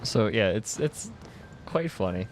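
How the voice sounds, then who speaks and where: A man's voice: lowish voice, very animated, a little slow, music in the background. Rambling young man chatting while gaming. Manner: rambling, laughing, many fillers and restarts. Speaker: streamer. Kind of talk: casual chat while gaming, reading chat.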